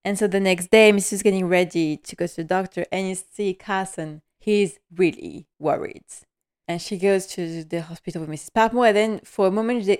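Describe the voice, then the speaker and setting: Chatty woman recapping a show, smooth voice. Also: medium pitch, a little mellow. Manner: enthusiastic, laughs often, many fillers. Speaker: host recapping a TV episode. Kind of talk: casual chat.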